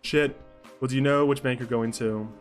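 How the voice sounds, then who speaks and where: A young man streaming live, narrating a role-play scene in a casual way. He keeps drifting into off-the-cuff asides, and his voice sits at a mid pitch. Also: steady tone, moderate pace, faint music behind. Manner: rambling asides, mixes narration with chat comments.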